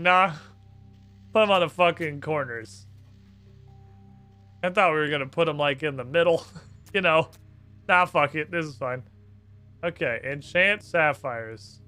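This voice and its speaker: Brash, bright-voiced gaming streamer man. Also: on the high side, unhurried, pauses often, smooth, soft background music. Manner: brash and profane, thinking aloud. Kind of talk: live gameplay commentary.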